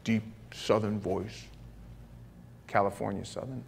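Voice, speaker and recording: A pastor preaches to his congregation in a church, a man with a voice pitched a bit above most men. He tells his stories with lively energy and often jokes at his own expense. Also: moderate pace, long pauses. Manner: animated storytelling with self-deprecating jokes. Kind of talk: sermon. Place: church sanctuary.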